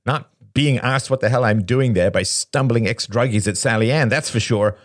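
A man voicing a weary, glib young man who speaks softly. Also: mid-range voice, moderate pace, no room sound, studio quality, voice pushed up, close to an everyday voice. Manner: soft, deflecting.

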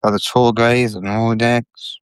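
A British man on a call-in line, with a smooth, resonant voice of middling pitch. He mumbles and slurs, so his words are hard to make out. The sound is dry. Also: little pitch movement, measured pace, no echo. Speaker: caller. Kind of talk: call-in chat.

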